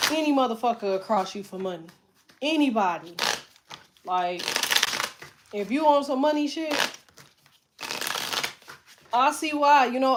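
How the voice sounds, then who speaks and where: Background noise accompanies a middle-aged woman with a fairly high voice as she hosts her tarot livestream. Chatting right to her audience, she's blunt, emphatic, and profane.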